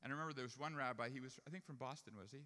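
A man's voice: medium pitch, racing, pushed and bright, in a large hall. A man preaching a sermon, telling a personal story and then building to emphatic points about faith. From Jewish family upbringing.

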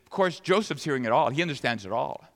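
A man preaching a sermon, retelling a scripture story with dramatic, animated delivery. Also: mid-range voice, fast talker. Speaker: pastor. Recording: long reverb of a large hall.

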